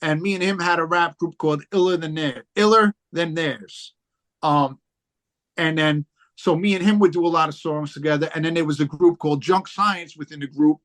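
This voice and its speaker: High-voiced man telling stories. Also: fairly even intonation, fairly quick. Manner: rambling, profane storytelling with many fillers. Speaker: podcast guest, rapper. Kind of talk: casual chat.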